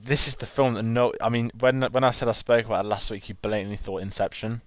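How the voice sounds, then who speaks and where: A man's voice: on the low side, flat delivery, fast, no echo. A man co-hosting a film podcast, chatting enthusiastically and rambling with restarts. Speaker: podcast co-host. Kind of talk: casual film chat.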